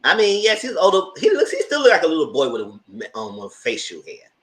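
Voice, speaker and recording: Animated gossipy man recapping TV. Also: a little fast. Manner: animated and gossipy, jumps to shrieking high voice when quoting himself. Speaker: TV review show host. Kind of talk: casual live TV recap commentary.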